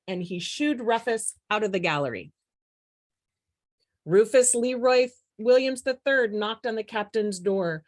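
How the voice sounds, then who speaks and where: An older woman reading a children's picture book aloud in a gentle, expressive storytelling way. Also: mid-range voice, a little slow. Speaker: storybook reader.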